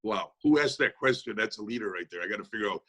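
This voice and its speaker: A man answering audience questions in a motivational Q&A over a video call, talking fast in a folksy, energetic manner. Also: lowish voice. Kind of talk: motivational Q&A talk.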